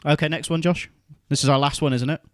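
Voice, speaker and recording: Sweary podcast host. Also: male voice, fairly high pitch, fast talker. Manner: sweary, animated, mock-ranting. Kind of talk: casual podcast banter.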